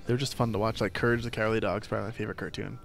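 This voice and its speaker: A man's voice: on the low side, little pitch movement, racing, gravelly. Laid-back man hosting a podcast. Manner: easygoing, laughs often, filler-heavy. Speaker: podcast host. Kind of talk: casual chat.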